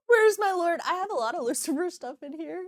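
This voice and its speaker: Casting: bubbly woman cooking streamer, high voice, laughs a lot. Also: animated, a little fast. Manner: bubbly, laughs often, reacts to chat. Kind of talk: casual livestream chat with viewers.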